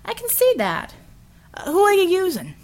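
A woman's voice: very high voice, huge pitch swings, normal speed, voice pushed up, exaggerated voice. A woman voicing a brash, chauvinist middle-aged male builder who talks with folksy swagger in an audiobook. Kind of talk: audiobook character voice.

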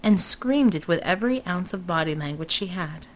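A woman reading narration of a novel in a measured, even storytelling manner. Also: lowish voice, a little hiss or hum, low-quality recording. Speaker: audiobook narrator. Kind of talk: scripted narration.

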